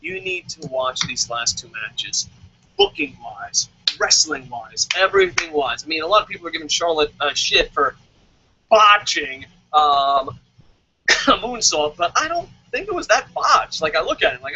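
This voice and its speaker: A man hosting a wrestling review show, ranting loudly with constant swearing and mocking voices. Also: fairly high pitch, sing-song, unhurried, breathy edge, lo-fi sound. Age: adult, calls himself old. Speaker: wrestling vlog host. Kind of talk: profane comedic rant. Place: lives in Tokyo.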